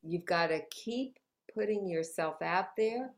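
In a New York City interview, this author appears as a guest, her voice on the low side with lively intonation and a measured pace. She keeps things upbeat and motivational, breaking into laughter frequently.

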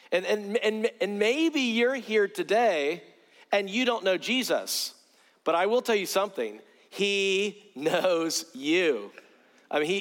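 A man preaching a sermon, earnest, often repeating words as he starts a phrase. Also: sits high. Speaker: pastor. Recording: long hall reverb.

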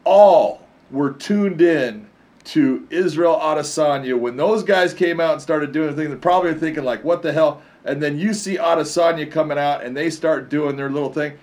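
A man's voice: on the high side, moderate pace. Chatty man telling fight stories. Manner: animated storyteller, laughs often. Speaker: co-host, fight commentator. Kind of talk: casual chat.

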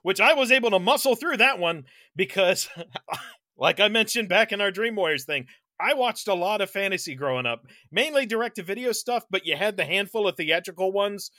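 A man's voice: high voice, lively intonation, brisk, pushed and bright, no room sound, studio quality. A man co-hosting a podcast, telling a long, rambling story in casual chat, laughing mid-sentence and swearing casually. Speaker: podcast co-host.

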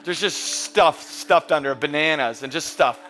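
A man in his thirties preaching a sermon as pastor, emphatic and building to loud peaks, mixing in humorous stories. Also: on the high side, measured pace, soft background music. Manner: emphatic, rising to near-shouting peaks; storytelling with humor and quoted voices.

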